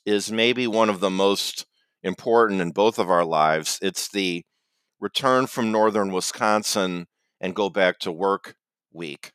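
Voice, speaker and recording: A man co-hosting a comedy podcast, talking in a hesitant, halting way with many fillers. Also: on the low side, a bit bright, clear, resonant tone, dry recording, studio quality. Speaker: podcast co-host. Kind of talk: casual comedic chat.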